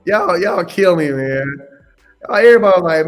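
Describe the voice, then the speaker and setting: Animated slangy young man, faint music. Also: sits high, normal speed. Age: young adult. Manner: animated, slangy, repeats phrases, laughs often. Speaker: independent adjuster mentor hosting a live Q&A. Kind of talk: casual livestream Q&A.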